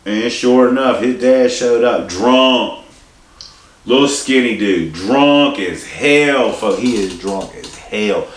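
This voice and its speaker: A man's voice: mid-range voice, slow. A man telling a story in a casual, rambling, profane way, with many restarts and asides. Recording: echoey room, distant mic, faint hiss.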